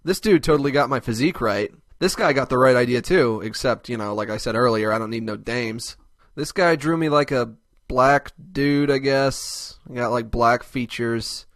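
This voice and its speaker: A man's voice: medium pitch, moderate pace, fairly bright tone, no echo, clean studio sound, close to an everyday voice. A man voicing a crude, short-tempered cartoon host who mocks everyone in an abrasive tone. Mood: scornful. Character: foul-mouthed, contemptuous cartoon man host. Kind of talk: comedic web cartoon voice acting.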